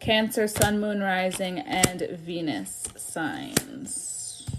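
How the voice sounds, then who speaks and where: A woman's voice: lowish voice, wildly swooping pitch, extremely slow, very noisy. A young woman giving a tarot reading on a live stream, chatty and sassy, often laughing. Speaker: tarot reader.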